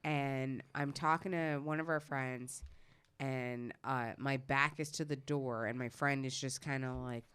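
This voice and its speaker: A woman's voice: rumbling low, a little slow, smooth. A woman, casually telling a story on a podcast, swearing freely and acting out the other people's lines. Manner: animated storyteller, swears freely, acts out quoted voices. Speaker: podcast co-host.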